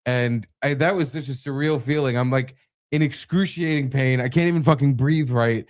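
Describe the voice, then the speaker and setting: Profane animated man telling a story. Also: medium pitch, normal speed. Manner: animated storyteller, swears freely. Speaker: podcast co-host. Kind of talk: casual chat.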